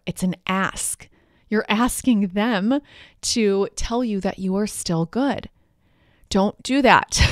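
A woman hosts a solo parenting podcast, teaching in an earnest, encouraging tone. Her voice sits in the middle of the pitch range. The recording is close and dry. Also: no echo. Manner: warm, earnest, explanatory. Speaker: podcast host, parenting coach.

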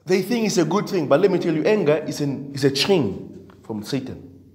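A man's voice: on the high side, sing-song, moderate pace, darkish tone. A male pastor preaching a sermon with emphasis, repetition and frequent amens, in a church. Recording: long church hall reverb.

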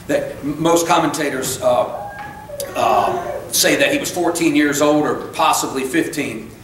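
A man preaching a sermon in a church, fired up and conversational, breaking off into quick asides and correcting himself. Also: on the high side, a bit bright. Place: church sanctuary. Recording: very echoey church room, voice from far off, faint noise.

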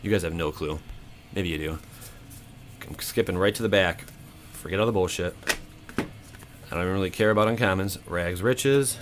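An excitable man talks casually to his viewers while he opens card packs, counting out loud and swearing freely. His voice sits a little low. Faint clicks sound in the background of his home recording. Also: moderate pace, pauses often, background noise. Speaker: card-opening channel host. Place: home room.

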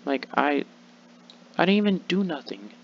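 A young man rants sulkily into a laptop mic, his voice a little high and gravelly with fry. The audio is dull and lo-fi, with a faint hiss of room noise behind him. He rambles and restarts constantly. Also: sing-song, normal speed. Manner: sulky, rambling, full of restarts and "like". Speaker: vlogger. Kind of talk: rambling complaint vlog.

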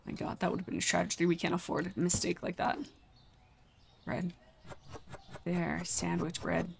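Young woman, game streamer, chatty, exclamatory, slightly low voice, casual commentary. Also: monotone, normal speed, creaky, a little hiss or hum. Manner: chatty, exclaims often, talks to chat.

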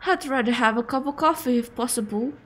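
A woman's voice: a little high, fairly quick, a bit bright. A woman voicing a dutiful young male debt collector who speaks in a hesitant, apologetic way. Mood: somber.

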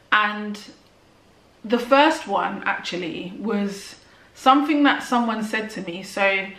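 A woman's voice: mid-range voice, fairly bright tone, far from the mic. Young woman sharing a painful story, roomy sound. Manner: halting, frequent "like" and restarts, emotional. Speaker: vlogger. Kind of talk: personal testimony, casual talk to camera. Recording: roomy and off-mic.

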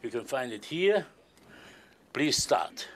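Playful stage magician with lively pitch. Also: male voice, slow pace. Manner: playful, polite and formal, joking with the volunteer. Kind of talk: stage magic performance with audience volunteer.

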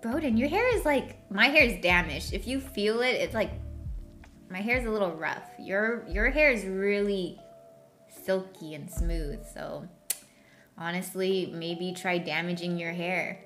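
Woman streamer, slow easygoing chat, bright tone, laughs at herself, hums bum bum bits. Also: lowish voice, faint music behind. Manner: self-deprecating, giggly, hums filler tunes. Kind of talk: casual chat answering viewer questions.

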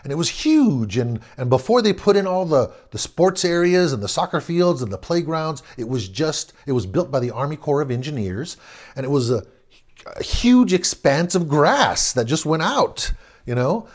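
A man's voice: fairly high pitch, very animated, normal speed. A middle-aged man from Southern California telling a childhood story in a casual, rambling way, correcting himself and chuckling as he goes. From Southern California, USA. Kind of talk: casual spoken anecdote.

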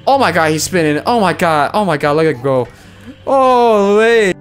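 A man's voice: sits high, expressive, moderate pace, clear, resonant tone, faint music behind. A man doing let's play commentary in a sarcastic, jokey way, scolding the game character and swearing in sudden outbursts. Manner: swears and exclaims in bursts. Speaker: gaming video creator.

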